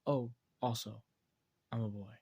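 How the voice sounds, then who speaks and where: Soft-spoken young ninja boy, gentle, husky, a bit gravelly, voiced by a man. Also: medium pitch, fairly even intonation, measured pace.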